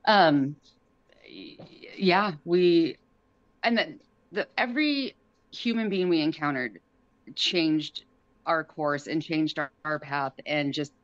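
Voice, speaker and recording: A woman telling a story on a podcast in a casual way, acting out the quotes in a high, excited voice. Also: slow, no room sound, muffled recording. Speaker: guest.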